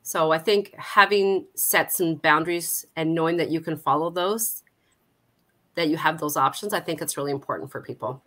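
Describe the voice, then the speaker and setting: A woman's voice: deep voice, moderate pace, pushed and bright. A middle-aged woman from Canada, a guest in an interview, telling a personal story candidly with frequent self-corrections. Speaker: guest, Alzheimer's support coordinator. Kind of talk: conversational interview.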